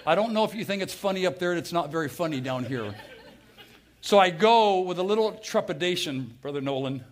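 High-voiced preacher swinging loud to hushed. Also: male voice, expressive, brisk. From United States. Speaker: pastor. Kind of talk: sermon.

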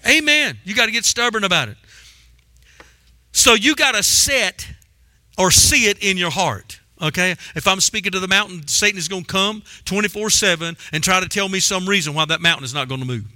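Male preacher, high bright voice, emphatic call-and-response sermon delivery, dry close sound. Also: a little fast, dry recording.

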